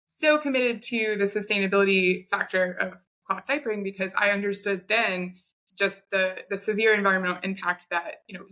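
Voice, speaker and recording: A woman in her thirties with a bright, forceful voice. She talks in an animated, chatty way, like a guest sharing her own story on a podcast. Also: mid-range voice. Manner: chatty, animated retelling with quoted asides. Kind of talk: conversational storytelling.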